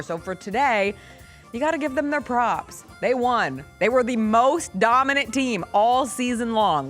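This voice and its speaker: A woman's voice: a little high, a bit bright. A woman hosting a sports talk show, chatting energetically with a co-host.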